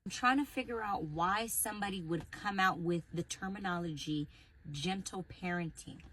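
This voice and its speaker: A woman's voice: lowish voice, normal speed, noisy background. A mother ranting frankly on a vlog, sounding exasperated. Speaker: parent. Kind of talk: candid vlog rant.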